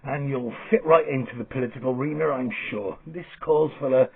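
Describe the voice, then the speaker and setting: A man playing a smug male TV host gloating quietly off-air, a bit lower than his own voice. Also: fairly quick, lightly acted. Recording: lo-fi phone-like sound.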